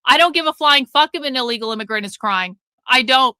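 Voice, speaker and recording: High bright-voiced woman ranting on stream. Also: a little fast, clean tone, no room sound. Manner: profane, repetitive, emphatic ranting. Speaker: livestream host. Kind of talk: live commentary stream.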